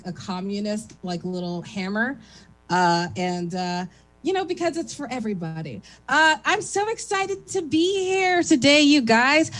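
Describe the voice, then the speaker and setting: A young woman from East Oakland doing a stand-up set, with an even, radio-like speaking voice and lots of "uh" fillers. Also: medium pitch, rough recording. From East Oakland, California. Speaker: stand-up comic.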